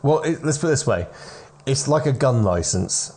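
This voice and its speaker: A man's voice: medium pitch, expressive, moderate pace, a little mellow. A man running a tabletop game as game master, explaining the rules of the world and often restarting his phrases.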